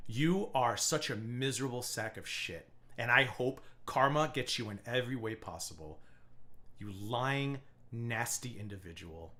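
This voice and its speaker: A man's voice: mid-range voice, sharp tone. A male livestream host delivering a profane, taunting rant at someone.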